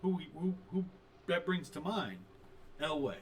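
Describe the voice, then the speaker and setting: Podcast co-host, man, lively pitch, faint background hiss. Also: measured pace. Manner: chimes in with short agreements and questions. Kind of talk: casual chat.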